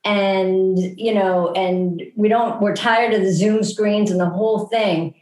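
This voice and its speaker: A woman co-hosts a podcast and speaks earnestly, feeling her way through her thoughts. Her pitch is middling. The sound has a noticeable room echo. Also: steady tone, slow, a little mellow. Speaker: podcast co-host. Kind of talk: casual podcast chat.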